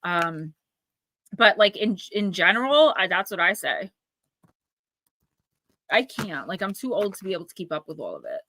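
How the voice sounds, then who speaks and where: A woman's voice: medium pitch, sing-song, pushed and bright, a little hiss or hum. A woman in her forties with a New Jersey accent, hosting a live tarot reading and chatting with viewers by name. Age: 40s. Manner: chatty, talks to viewers by name, quick asides. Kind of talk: live-stream intuitive reading.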